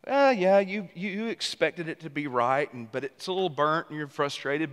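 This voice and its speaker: A man preaches a sermon with animated energy, breaking into loud bursts between quieter asides. His voice sits a touch high for a man. The sound carries the long, ringing reverb of a large church sanctuary. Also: moderate pace, hardly any pauses. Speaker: senior pastor.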